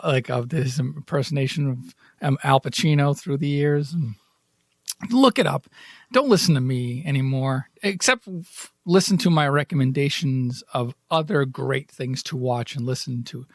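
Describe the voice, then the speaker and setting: Raspy, rambling podcast host man. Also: a little high, dry recording, clean studio sound. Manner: rambling, self-mocking, jokey. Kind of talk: casual rambling chat.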